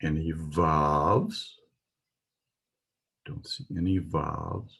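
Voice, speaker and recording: A man's voice: rumbling low, fairly even intonation, extremely slow, creaky, a bit bright, slightly rough. A man teaching a Hebrew alphabet lesson, patiently explaining and pointing out letters.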